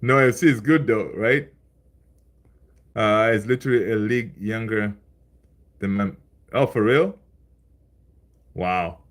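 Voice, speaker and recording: A man's voice: fairly low pitch, takes it slowly, long pauses. A man hosting a live stream in a loose, conversational way. He talks back to chat and repeats his own lines for emphasis. His speech is full of fillers and restarts. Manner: loose and chatty, laughs along with viewers; many fillers, repeats phrases. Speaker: livestream host reading chat.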